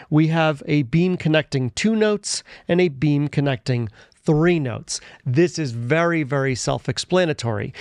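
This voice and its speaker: Guy explaining rhythm step by step like a music teacher, slightly high voice, dry close mic. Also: dry recording. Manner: methodical, explains step by step, marking up a score. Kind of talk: instructional music lesson.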